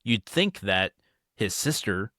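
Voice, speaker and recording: A man's voice: fairly low pitch, very animated, takes it slowly, sharp tone, dry recording, clean studio sound. A man giving casual commentary on a novel he reads aloud, musing and correcting himself as he goes. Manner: musing, self-correcting, with fillers. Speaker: audiobook reader and podcaster.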